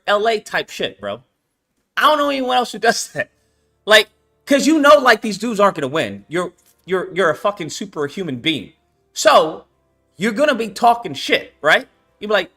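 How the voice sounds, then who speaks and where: A young man talks casually on his channel about the game he is making. His voice is high and bright, and it swings widely in pitch. He uses lots of slang, swearing and fillers, with faint music underneath. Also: sing-song, normal speed. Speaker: game developer and channel host. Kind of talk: casual livestream chat.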